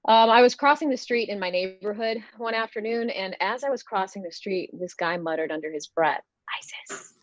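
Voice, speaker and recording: A woman performing a stand-up comedy set, with a dry, deadpan delivery over a video call. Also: medium pitch, fairly quick, few pauses, no room sound. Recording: dull, slightly lo-fi sound.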